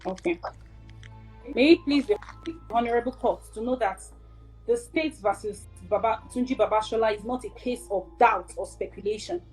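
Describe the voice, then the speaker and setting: A woman plays a pressing prosecutor, her voice high and husky. She questions and argues in firm, formal sentences. Faint music plays behind the student courtroom role-play. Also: normal speed, a little mellow, rough recording. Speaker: prosecutor in a mock trial.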